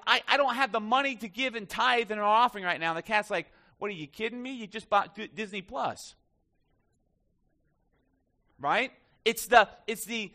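Bright high-voiced male pastor preaching. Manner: conversational, joking asides to the congregation. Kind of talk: sermon. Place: church.

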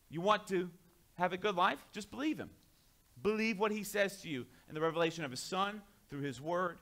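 A male pastor preaching a sermon in an animated way, often asking the congregation questions and dropping to a quiet voice for asides. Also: high-pitched.

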